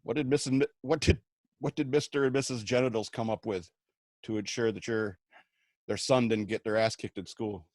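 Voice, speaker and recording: A man's voice: mid-range voice, fairly even intonation, moderate pace, darkish tone, no echo. A man on a radio show, telling self-mocking comic anecdotes and acting out the quotes along the way. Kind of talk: comic storytelling.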